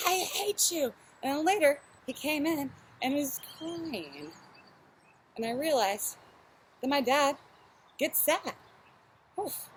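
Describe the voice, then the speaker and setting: A woman's voice: mid-range voice, a little hiss or hum, poor audio. A young adult woman, a fitness instructor from Texas, chatting candidly and telling stories while straining through a shoulder workout at home.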